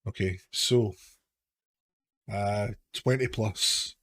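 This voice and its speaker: A man's voice: lowish voice, very slow, fairly bright tone, no echo. A man narrating a tabletop game as game master, in a rambling, hesitant way full of restarts.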